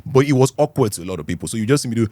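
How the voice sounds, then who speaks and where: A young Nigerian man with a Nigerian accent, a podcast guest telling stories in a playful, animated way and laughing often. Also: medium pitch, very fast, dry recording. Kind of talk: casual storytelling chat.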